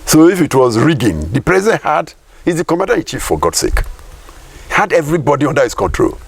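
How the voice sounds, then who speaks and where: A man's voice: on the high side, big pitch swings, fairly quick, creaky, husky. A middle-aged Nigerian man giving political commentary in an interview, emphatic, firing rhetorical questions and repeating his points.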